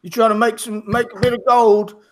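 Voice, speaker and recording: A man voicing a rough, intimidating male half-orc boxer in a tabletop game, gruff and taunting. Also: very high-pitched, flat delivery, normal speed, a little hiss or hum, pitched above the performer's own voice.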